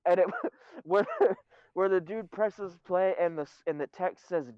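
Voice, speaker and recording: A man's voice: high-pitched, a little slow, clean tone, no echo, muffled recording. A man co-hosting a podcast in casual chat, laid-back and wry, swearing now and then. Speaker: podcast co-host.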